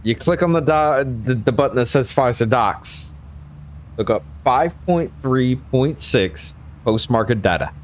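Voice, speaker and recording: A tipsy man in casual conversation, his pitch swinging widely as he argues his point. He talks emphatically and swears freely. A faint hum sits under his voice. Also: expressive, unhurried. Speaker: host.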